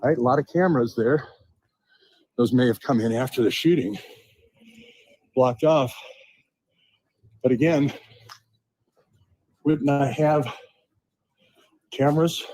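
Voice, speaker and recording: A man's voice: medium pitch, a little mellow, husky, no room sound. A man giving casual, rambling commentary over video clips as a channel host, posing rhetorical questions.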